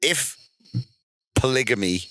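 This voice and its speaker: A man's voice: medium pitch, lively intonation, slow, bright, forceful tone, dry recording, clean studio sound. A man co-hosting a comedy podcast, telling rambling stories, laughing often and acting out little scenes. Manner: rambling storyteller, laughs often, acts out bits. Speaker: podcast co-host. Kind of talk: casual comedy chat.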